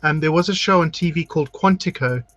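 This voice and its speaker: A drag queen host does his makeup on a video call while hosting a casual chat show, telling long stories and acting out what people said. He talks fast in a slightly high, fairly bright voice. The recording is dry and lo-fi.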